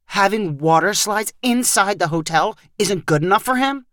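Casting: woman doing an irritated dad, snappish and grumbling, lively in pitch. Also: moderate pace, no room sound, clean studio sound, close to an everyday voice. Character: frustrated thrifty father, middle-aged man.

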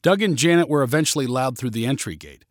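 A man reading a story aloud as narrator, in a clear, expressive way. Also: mid-range voice, fast talker, no room sound, studio quality.

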